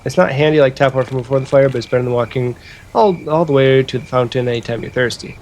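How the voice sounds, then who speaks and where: A man's voice: mid-range voice, fast, darkish tone, faint music behind. A young man giving casual, joking let's-play commentary while he plays a game. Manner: casual, joking, hesitant fillers. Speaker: gaming streamer.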